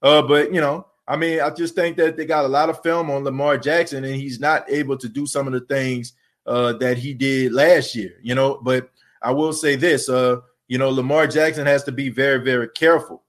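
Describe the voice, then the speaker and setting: A man's voice: mid-range voice, fairly even intonation, moderate pace. A man hosting a podcast, rambling in casual sports talk with lots of fillers and repeats. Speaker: podcast host.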